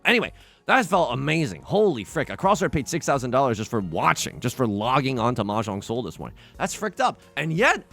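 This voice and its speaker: Young guy streaming a game, bouncy voice all over the place, jokes with chat, bit of music underneath. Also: medium pitch. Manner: animated, jokey, talks to chat, sudden loud outbursts. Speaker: let's play streamer. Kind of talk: casual game commentary.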